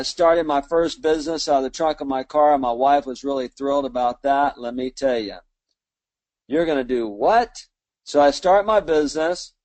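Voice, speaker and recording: A man's voice: on the high side, darkish tone, no echo. Folksy Southern man telling his story. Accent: Southern US (Alabama). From Mobile, Alabama. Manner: folksy, self-deprecating humor. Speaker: small business owner and speaker. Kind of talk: motivational storytelling speech.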